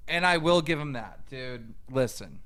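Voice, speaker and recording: A man's voice: medium pitch, lively intonation, unhurried. A man ranting angrily in a reaction video, mocking and profane as he answers back to a clip. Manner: mocking, profane, shouting rebuttals. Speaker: online commentator. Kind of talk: angry reaction rant.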